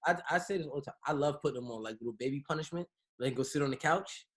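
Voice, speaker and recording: A man co-hosting a podcast, bantering in animated, slangy casual chat. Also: mid-range voice, rapid-fire. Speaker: podcast co-host.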